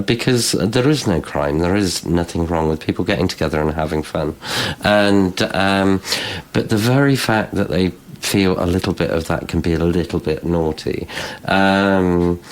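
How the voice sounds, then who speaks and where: A man's voice: low voice, normal speed. A man, a club owner guest, talking bluntly with plenty of ums and swearing. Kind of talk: casual chat.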